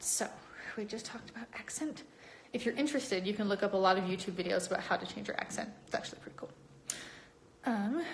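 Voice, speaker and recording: Chatty animated woman streaming live. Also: a little hiss or hum. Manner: chatty and animated, with many upward pitch jumps. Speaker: cosplayer hosting a live stream. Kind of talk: casual live-stream chat reading viewer comments.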